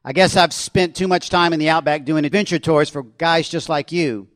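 Man reading as pushy Aussie adventurer, high-ish, loud and boastful, dry sound. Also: normal speed, dry recording, lightly acted. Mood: cocky. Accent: Australian. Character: brash, confident Australian outdoorsman, adult man.

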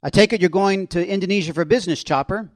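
A polite, unsure office worker, as a male reader voices him, speaking hesitantly and on the back foot. It is close to the reader's own fairly high voice, recorded dry with no room around it. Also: fast talker, no room sound, close to an everyday voice. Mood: uneasy. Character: mild, awkward American office-worker man.

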